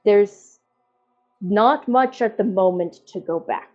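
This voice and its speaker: A deep, resonant ancient tree spirit speaks in slow, solemn, measured words, put on by a woman. The audio is dull and lo-fi. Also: faint music behind, lightly acted. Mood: grave.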